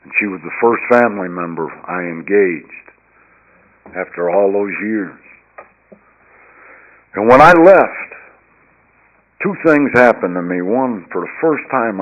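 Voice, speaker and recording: A man with a somewhat low voice shares his recovery story as an earnest personal testimony. He moves between hushed, quiet stretches and loud, emphatic passages. The recording sounds dull and lo-fi. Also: measured pace, pauses often. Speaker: speaker sharing his recovery story at a recovery meeting.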